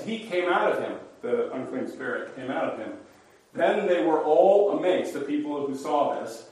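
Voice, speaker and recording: A man leading an informal Bible study, explaining passages in a conversational way and acting out the quoted voices. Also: far from the mic. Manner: conversational, acts out the quoted voices with rising pitch. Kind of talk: informal Bible class teaching. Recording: roomy hall recorded from afar.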